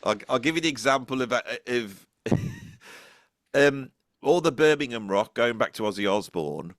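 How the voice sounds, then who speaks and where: A man hosting a casual conversation, telling animated stories and laughing often. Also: mid-range voice, normal speed, no echo, studio quality. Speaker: podcast host.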